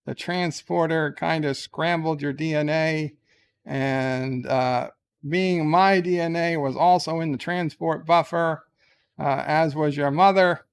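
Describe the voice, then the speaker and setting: This is a brash, scheming starship captain, put on by a man in a comic action-figure skit. He talks down to his crew with mocking bluntness and bursts into loud outbursts. The voice is a little high and gravelly, and his delivery is unhurried. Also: fairly even intonation.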